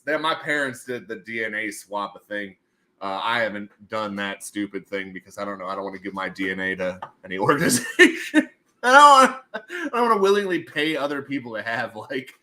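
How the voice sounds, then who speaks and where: Animated, bright-voiced man rambling on stream. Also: medium pitch. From United States. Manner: rambling, joking, laughs often. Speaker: livestream host. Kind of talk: casual livestream chat.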